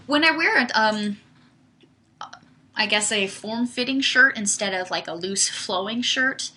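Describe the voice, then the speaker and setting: Bright-voiced young woman chatting on a stream. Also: mid-range voice. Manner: chatty, uses filler "like" often. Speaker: livestream host. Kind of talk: casual livestream chat answering viewer questions.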